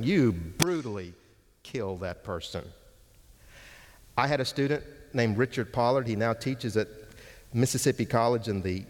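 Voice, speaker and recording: A man's voice: medium pitch, big-room sound. A man preaching an expository sermon, teaching with emphatic stress on key words.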